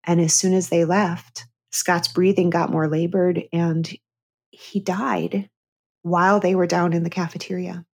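A woman's voice: lowish voice, little pitch movement, unhurried. A middle-aged woman, a therapist and comedian, telling a candid personal story as a guest on an interview show. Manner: earnest, candid storyteller who breaks into laughter.

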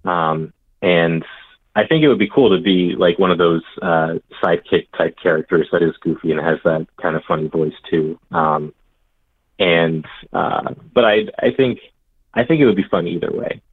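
A man's voice: deep voice, normal speed, breathy edge, dry recording. A young man, a voice actor, chatting in an interview, chuckling and hesitating with many fillers. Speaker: voice actor guest. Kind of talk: casual interview chat. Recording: tinny phone-like call line.

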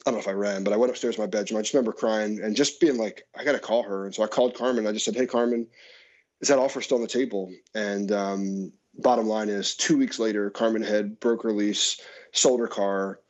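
A man's voice: on the low side, steady tone, a little fast. A pastor in his forties, a man, speaking earnestly and reflectively as an interview guest. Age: 40s. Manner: earnest, reflective, with soft laughs. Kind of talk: conversational interview. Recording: dull lo-fi sound.

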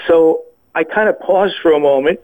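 Over a tinny phone line, a male guest shares a personal faith testimony in a fairly high voice at normal speed. He sounds hesitant, often repeating himself and starting his words over.

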